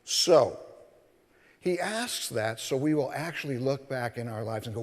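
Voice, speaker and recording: Animated minister preaching in an echoing hall. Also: male voice, a little high, a little slow. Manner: animated storytelling, acting out scripture voices. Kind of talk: sermon. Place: church sanctuary. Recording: long reverb of a large hall.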